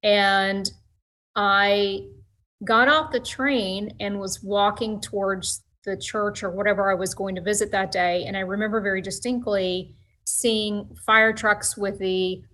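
A woman on a talk show telling a story in a relaxed, reflective way. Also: mid-range voice, unhurried, rough recording. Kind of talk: casual storytelling.

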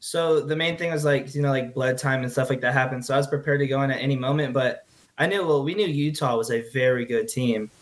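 A teenage man answers interview questions in an earnest, halting way. He often stumbles over and repeats his words as he tells his story. His voice is mid-pitched and ordinary. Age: teens. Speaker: guest athlete.

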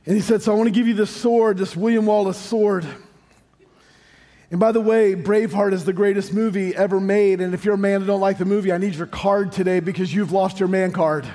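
Here a pastor's voice sits high and warm, steady in tone and a little fast. The American man's sermon mixes storytelling with jokes on the side, rising into sung emphasis, in a large church hall where long reverb and faint music fill the recording.

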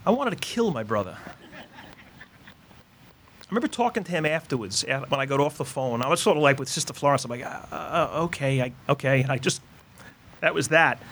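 A man's voice: a little high, lively intonation, fairly quick, long pauses, a bit bright, slight background noise. A Catholic priest in his fifties giving a sermon in a casual, conversational storytelling way, full of fillers and asides. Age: 50s.

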